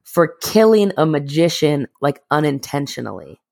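A woman co-hosting a podcast, swearing freely as she tells animated stories in casual chat. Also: sits low, moderate pace, gravelly, no room sound, studio quality. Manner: profane, animated storytelling. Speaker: podcast co-host.

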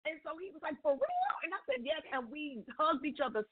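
Woman guest, animated testimony teller who voices every quoted line; high-ish voice, tinny phone call. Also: quick pace, very noisy. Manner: lively storyteller acting out dialogue. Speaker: guest on call-in radio show. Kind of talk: personal testimony storytelling.

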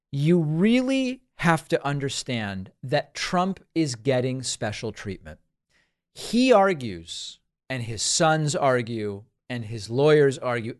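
A man hosting a political talk show, delivering an emphatic commentary monologue and repeating phrases for stress. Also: medium pitch.

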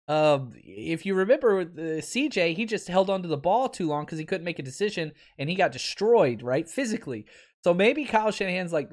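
A man's voice: high-pitched, very animated, fairly quick. A man in his thirties hosting a casual sports podcast, wry and exasperated, laughing often as he talks. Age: 30s.

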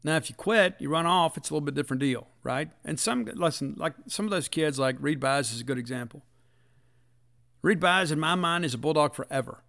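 Man, middle-aged, gravelly, slightly high voice, earnest sports talk. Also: a little fast, a bit bright. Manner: earnest, folksy, emphatic. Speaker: podcast host.

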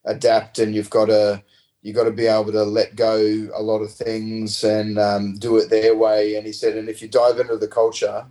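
Australian man, casual rugby yarns, low-ish voice, loose rambling delivery. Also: normal speed, rough recording. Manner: rambling, relaxed, slangy anecdotes. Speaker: interview guest, former rugby player. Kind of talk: casual storytelling.

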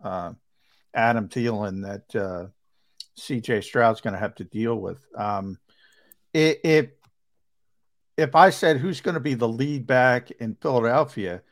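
A man's voice: mid-range voice, unhurried, long pauses. A man co-hosting a sports podcast, speaking conversationally with frequent ums and self-corrections. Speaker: podcast co-host. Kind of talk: casual sports podcast chat.

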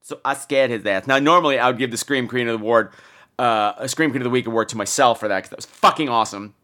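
A man's voice: mid-range voice, quick pace, bright, forceful tone. A man in his thirties hosting a podcast, telling a campy comic story with lots of mock voices. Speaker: podcast host. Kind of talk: comic monologue.

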